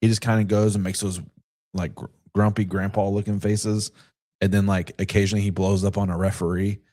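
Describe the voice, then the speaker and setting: A man's voice: lowish voice, flat delivery, fairly quick, mellow. A man co-hosting a casual sports talk podcast, telling stories in a chatty way with quoted asides. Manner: chatty storyteller who retells events with quoted asides. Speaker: podcast co-host.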